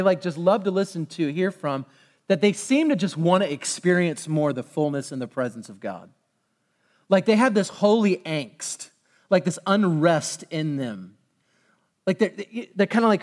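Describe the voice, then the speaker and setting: Animated preacher, man, high voice. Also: in a large hall. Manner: conversational, animated, acts out quotes. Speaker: pastor. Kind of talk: sermon.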